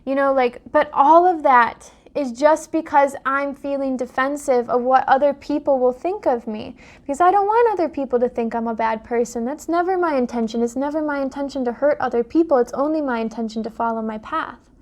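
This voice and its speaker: A woman's voice: high voice, brisk. A young adult woman, a life coach, talking straight to her viewers in an impassioned vlog monologue full of rhetorical questions. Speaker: life coach and dream interpreter. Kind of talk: direct-to-camera vlog monologue.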